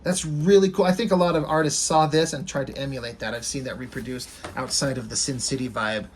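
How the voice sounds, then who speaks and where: A man's voice: mid-range voice, fairly even intonation, brisk, a little hiss or hum. A man giving a casual, rambling, enthusiastic commentary on comic strips. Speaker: comic reviewer.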